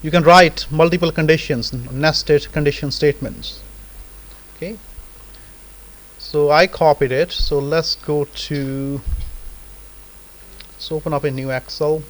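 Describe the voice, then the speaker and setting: A man gives a live software lesson, talking students through each click in a loose, conversational way. His voice sits a little high for a man, and he keeps tagging sentences with "right?" and "okay?". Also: steady tone, unhurried, long pauses, low-quality recording. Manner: casual, repeats "right?" and "okay?" as check-ins. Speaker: lecturer. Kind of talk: live software tutorial lecture.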